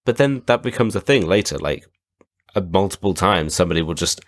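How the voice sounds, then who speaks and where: A man's voice: low-pitched, animated, fairly quick, no room sound, studio quality. A man co-hosting a podcast, chatting casually with lots of laughs and fillers. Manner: laughing, rambling, many fillers. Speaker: podcast co-host. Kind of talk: casual chat.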